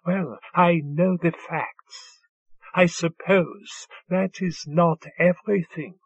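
A playful young woman lover with a soft, teasing delivery, as a male narrator puts her on. Her lines come slow and husky. The recording is dull and dry. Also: on the high side, steady tone, no echo, heavily acted.

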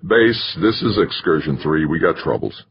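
A man's voice: rumbling low, expressive, moderate pace, muffled recording, slight background noise. A man voicing a blunt, short-tempered male astronaut who talks in curt, snapping lines. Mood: gruff.

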